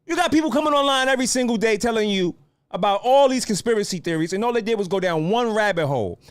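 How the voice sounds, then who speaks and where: Male podcast host, very high voice that swings widely, heated profane rant at listeners. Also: animated, fast talker, clear, resonant tone. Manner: heated, profane, lecturing the audience.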